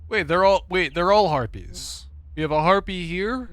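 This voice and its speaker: A man's voice: high voice, animated, normal speed, fairly bright tone, no room sound. A man streaming a game, chatting casually and sarcastically to himself and his viewers, laughing and swearing often. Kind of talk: casual gaming commentary.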